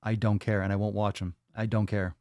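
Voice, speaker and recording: A man's voice: fairly low pitch, level tone, a little fast, a little mellow, clear, resonant tone, no room sound, clean studio sound. A man hosting a live fitness Q&A stream, blunt and profane as he answers chat. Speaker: fitness podcast host.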